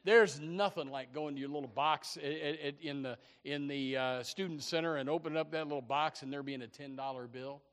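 A man preaching a sermon in an animated, stammering way, repeating words and acting out Bible characters. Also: on the high side, fairly quick, hardly any pauses. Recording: echoey hall.

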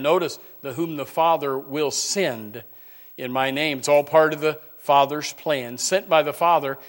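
A man preaching with a voice pitched a bit above the usual for men. He rises to loud, fervent bursts and drops to hushed intensity, stumbling over restarts. Between these passages he reads scripture in old-fashioned wording. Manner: many restarts and repeated words. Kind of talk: sermon.

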